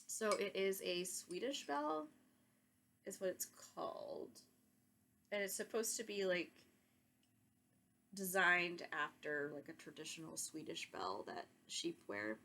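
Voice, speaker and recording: A woman's voice: fairly low pitch, measured pace, long pauses. Chatty woman podcast host. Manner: chatty, rambling, excitable, with soft laughs and asides. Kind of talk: casual chat to camera.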